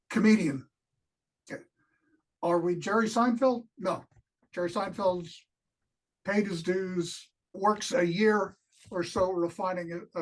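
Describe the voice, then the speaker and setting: A man's voice: high voice, husky, rough recording. A man co-hosting a podcast interview in a casual, rambling way, encouraging the guest and telling jokes and anecdotes.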